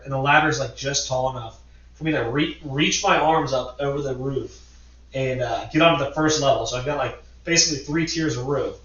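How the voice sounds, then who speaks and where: A man's voice: medium pitch, distant mic. Rambling man in an echoey room. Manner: animated, rambling storyteller who swears. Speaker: podcast co-host. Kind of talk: casual chat. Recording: echoey, dull lo-fi room sound, off mic.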